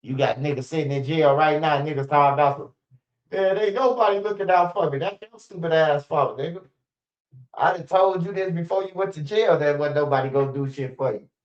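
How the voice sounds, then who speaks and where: Young dude ranting on his stream, kinda high voice, cussing a lot, muffled lo-fi audio. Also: brisk. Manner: loose, profane, repetitive street slang. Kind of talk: casual rant to viewers.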